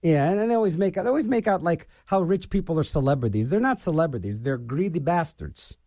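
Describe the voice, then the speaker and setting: Man, middle-aged, radio host, ranting about politics, high lively voice, dry close sound. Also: fast, dry recording. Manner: animated, scornful, repeats phrases for emphasis. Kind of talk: opinionated political rant.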